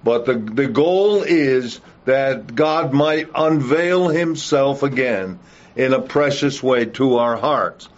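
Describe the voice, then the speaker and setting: Slow, earnest male Bible teacher. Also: mid-range voice. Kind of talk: Bible study lesson with prayer. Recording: dull lo-fi recording.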